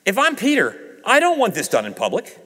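Lively preacher man in a reverberant hall. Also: fairly quick, breathy edge. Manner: dramatic swings from raised emphasis to hushed low delivery; acts out quoted dialogue. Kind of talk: sermon.

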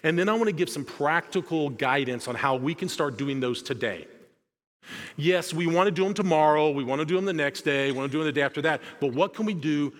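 A man's voice: on the high side, a little fast. A man giving a sermon as a guest preacher, telling stories in a conversational, self-deprecating way with frequent restarts. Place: large church sanctuary. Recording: long hall reverb.

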